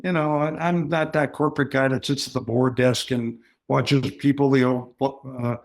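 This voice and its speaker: Guest, man in his 60s, animated raconteur, does voices in his stories. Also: mid-range voice, moderate pace, vocal fry. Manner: jokey, animated storyteller acting out quoted voices. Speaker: podcast guest. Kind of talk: casual storytelling.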